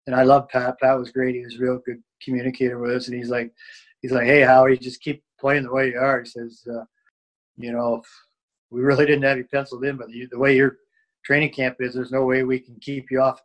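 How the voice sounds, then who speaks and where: A man in a casual interview, telling old hockey stories. He rambles and restarts often, filling gaps with "uh" and "you know". His voice sits at an ordinary middle pitch. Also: little pitch movement, fairly quick, low-quality recording. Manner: rambling, many fillers and restarts. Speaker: former hockey player.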